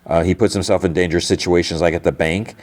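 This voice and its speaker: A man's voice: low voice, steady tone, fast talker, a little mellow. A man hosting a podcast, casually recapping a TV episode and often restarting his sentences. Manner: rambling, often says "like" and restarts. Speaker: podcast host.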